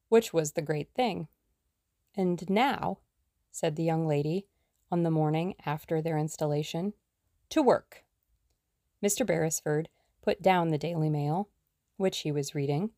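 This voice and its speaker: A woman with a deep voice reads an audiobook in a measured, even storytelling style. The recording is dry and clean, studio quality.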